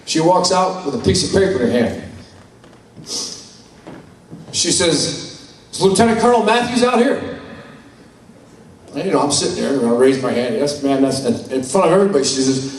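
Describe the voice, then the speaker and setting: A man's voice: medium pitch, fast talker. Blunt older man in an echoey hall. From New York. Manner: candid, blunt storytelling with salty language. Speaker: conference speaker. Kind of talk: personal testimony talk. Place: large conference hall. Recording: echoey hall, mic from far off.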